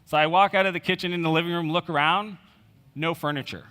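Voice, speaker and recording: A man's voice: fairly high pitch, fairly even intonation, quick pace, sharp tone, clear, resonant tone. A man giving a conference keynote, telling a personal story in a conversational way, with fillers and quoted dialogue. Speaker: conference speaker. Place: conference stage in a large hall. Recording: reverberant hall.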